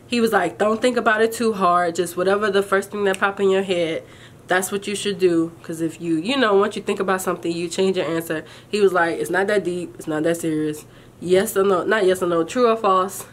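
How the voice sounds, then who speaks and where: A young woman vlogging, telling her viewers a story in a chatty, animated, colloquial way and calling them y'all. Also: lowish voice, a little fast, slight background noise. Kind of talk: casual storytelling to camera.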